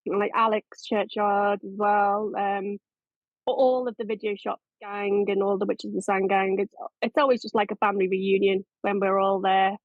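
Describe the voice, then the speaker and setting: A woman's voice: mid-range voice, little pitch movement, moderate pace, no echo. Chatty woman on a tinny line. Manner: chatty, rambling with many restarts. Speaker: makeup and effects artist guest. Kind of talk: casual interview chat. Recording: dry, tinny phone-like line.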